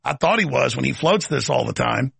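Gravelly, emphatic male talk host. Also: medium pitch, animated, brisk, a bit bright, no echo. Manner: emphatic, ranting, sardonic asides. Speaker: political talk show host. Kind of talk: talk show monologue.

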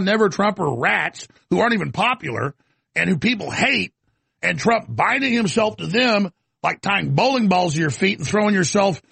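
Male show host with a husky, somewhat high voice, talking off the cuff in long, rambling stretches with stuttered restarts. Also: fairly bright tone, dry recording. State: coughing, throat irritated. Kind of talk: off-the-cuff commentary monologue.

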